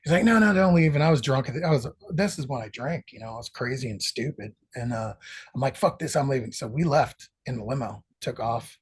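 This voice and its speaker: Speaking a little fast in a medium-pitched, slightly rough voice, this middle-aged man appears as a guest musician on a podcast. His stories ramble, stay animated, and come full of swearing in a casual interview.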